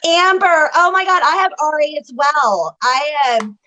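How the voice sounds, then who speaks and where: Woman, emotional, rather high voice, livestream co-host talking to chat. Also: lively intonation, a little slow, pushed and bright, slight background noise, rough recording. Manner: emotional, speaking out to chat viewers. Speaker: psychic reader and co-host.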